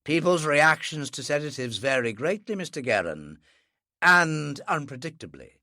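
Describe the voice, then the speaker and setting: Audiobook narrator, first-person thriller, highly varied pitch, dead dry recording. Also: very animated, normal speed, bright, forceful tone, dry recording.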